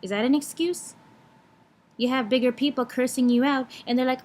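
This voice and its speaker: A woman's voice: high voice, fairly even intonation, moderate pace, a little mellow, slight background noise. A young woman vlogging in a blunt, frank way, swearing freely while she lectures and gives advice. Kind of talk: casual vlog talk.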